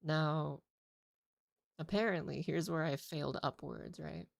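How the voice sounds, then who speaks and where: A woman's voice: deep voice, steady tone, a little slow, vocal fry, dry recording, studio quality. A woman content creator telling a casual story in a rambling, exasperated way, swearing often. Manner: rambling, profane, exasperated retelling.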